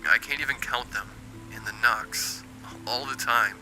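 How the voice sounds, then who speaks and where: A man voicing an exhausted, despairing young man who speaks in a hushed, weary near-whisper while reading a horror story aloud. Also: lowish voice, fairly even intonation, normal speed, faint music behind, poor audio. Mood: resigned.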